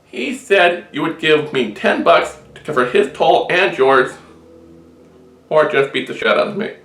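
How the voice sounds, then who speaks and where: A man's voice: fairly high pitch, animated, unhurried, fairly bright tone. A man voicing a greedy bridge troll who demands a toll in an officious way. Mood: demanding. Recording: roomy echo.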